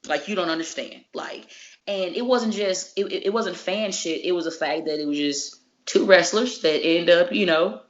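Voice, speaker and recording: A woman with a fairly low voice tells stories in a casual interview, animated, full of slang and profanity. Her voice comes through a dull, lo-fi recording that takes the crispness off her words. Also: normal speed. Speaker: wrestler guest.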